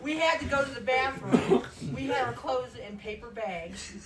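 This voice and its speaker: A woman's voice: high voice, moderate pace, crowd noise. A woman sharing memories at a memorial service, chatty and often laughing as she tells her stories. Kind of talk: informal eulogy storytelling. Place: memorial service gathering, indoors. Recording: echoey room from far off, loud noise.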